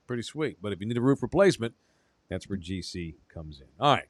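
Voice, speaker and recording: A man's voice: on the low side, expressive, fast talker, no room sound. A man co-hosting a sports radio show, bantering crudely and reading ads and live chat. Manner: brash, joking, reads ads and live chat. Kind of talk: casual sports talk.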